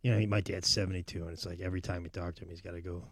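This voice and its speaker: Animated storytelling man, comedy guest. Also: low-pitched, rapid-fire, husky, dry recording, clean studio sound. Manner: animated storytelling, puts on voices for jokes. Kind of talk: casual chat.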